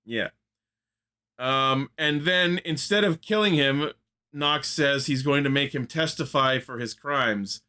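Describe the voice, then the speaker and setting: A man's voice: medium pitch, slow pace, sharp tone, clean tone. A man co-hosting a casual fan podcast, recapping episode plot in detail with enthusiasm and casual swearing. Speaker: podcast co-host.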